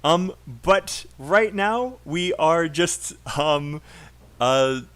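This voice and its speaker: A man's voice: a little high, lively intonation, extremely slow, a bit bright, clear, resonant tone. A man with a British accent teaching a live online IELTS class, patiently drilling sentences aloud and encouraging students.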